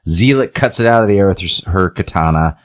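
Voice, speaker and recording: A man with a very low, deep voice chats casually as a podcast co-host, walking through a story's plot. He rambles loosely, leaning on "like" as he goes, and slips briefly into the characters' lines as he tells it. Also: quick pace. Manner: animated storyteller, briefly acting out quoted lines; loose and rambling, many "he's like" and "like" fillers. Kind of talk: casual chat retelling a show's plot.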